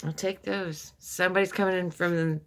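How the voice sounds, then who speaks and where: Low-pitched woman, tarot reader, affectionate, rambling, repeats words. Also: steady tone, moderate pace, a bit bright, a little hiss or hum. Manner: affectionate, calls listener baby and honey. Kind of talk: casual tarot reading.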